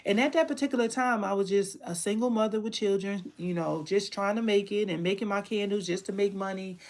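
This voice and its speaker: A woman's voice: mid-range voice, a little fast, darkish tone. A woman who makes candles and teaches online, telling her own story to the camera in a candid, emotional way, often repeating herself.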